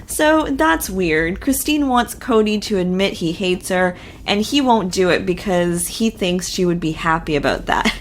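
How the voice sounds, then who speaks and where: A woman's voice: lowish voice, animated, measured pace, few pauses, a little hiss or hum. A woman hosting a reality TV recap, talking casually and giving her opinions with lots of filler words.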